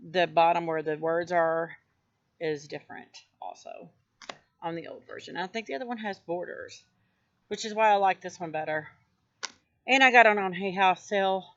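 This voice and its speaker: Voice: medium pitch, fairly bright tone. Gushing, rambling card-deck vlogger, dull sound. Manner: gushing, rambling, many fillers and restarts. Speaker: oracle card collector showing decks. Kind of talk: casual show-and-tell vlog.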